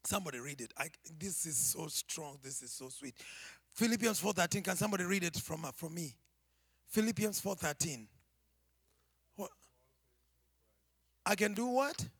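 A man preaching a sermon to his church, swinging from shouted climaxes to hushed, near-whispered asides. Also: a little high, expressive, a little fast, husky, no echo.

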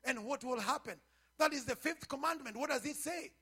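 A man preaching as a pastor, building from quiet teaching into shouted, half-sung exhortation and calls to the congregation. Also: very high voice, brisk. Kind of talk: sermon.

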